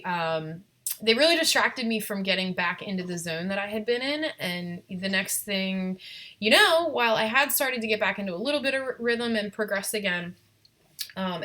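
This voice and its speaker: A woman's voice: medium pitch, pushed and bright. A young woman telling her birth story on a live stream, candid and reflective, with many ums and restarts. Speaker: vlogger.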